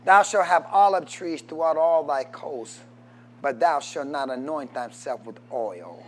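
A man preaching a sermon, reading scripture and rising into shouted call-and-response with the congregation. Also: a little high, animated, measured pace.

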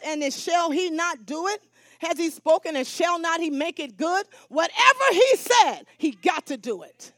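A woman preaching a live church sermon, swinging from hushed tones to shouting and calling for responses from the congregation. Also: sits high, no room sound, clean studio sound. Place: church service. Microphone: stage mic with monitor.

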